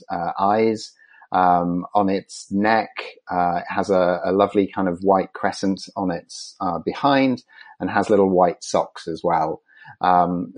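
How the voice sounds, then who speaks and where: A man, a conservation scientist, answering interview questions in a measured way with many ums and restarts. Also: sits low.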